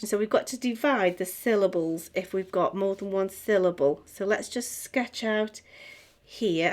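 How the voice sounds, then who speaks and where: A middle-aged woman teaching music theory, chatting as she writes and sounding out words slowly. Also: mid-range voice. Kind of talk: tutorial, talking while writing.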